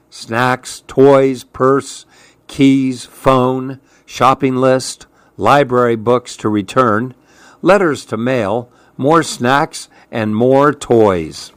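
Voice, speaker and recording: A man reading a children's picture book aloud in a gentle, playful way. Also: medium pitch, no room sound. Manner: gentle, playful, slow storytelling. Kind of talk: storybook read-aloud.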